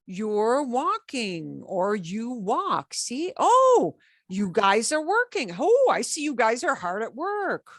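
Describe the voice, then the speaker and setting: A woman teaching a beginner Spanish class, chatty and encouraging, slowing down to drill words. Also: fairly high pitch, huge pitch swings, no room sound, studio quality.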